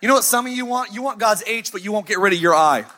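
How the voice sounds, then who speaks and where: A man in his thirties preaching a sermon as pastor, emphatic and story-driven with sighs and dramatic pauses. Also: high voice, animated, pushed and bright. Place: church sanctuary, live. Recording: faint music behind.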